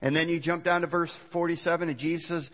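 A man's voice: a little high, fairly even intonation, fast. A man preaching a sermon as pastor, earnest, reading scripture aloud with small restarts. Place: church sanctuary. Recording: muffled church recording with long reverb.

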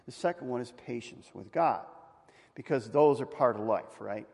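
A male pastor preaching a conversational sermon, asking the congregation questions and rising to loud emphatic peaks. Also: mid-range voice, normal speed, gravelly, slightly rough. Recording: long reverb of a hall.

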